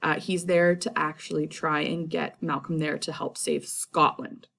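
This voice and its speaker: A woman's voice: deep voice, fairly even intonation, measured pace, gravelly, fairly bright tone. A woman teacher casually summarizing a play in a chatty way, full of fillers and asides.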